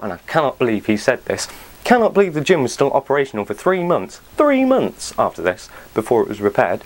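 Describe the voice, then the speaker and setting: A man's voice: medium pitch, huge pitch swings, brisk. A man ranting to camera as a fitness vlogger, blunt and sweary, full of exasperation. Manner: blunt, sweary, exasperated, quotes people in other voices.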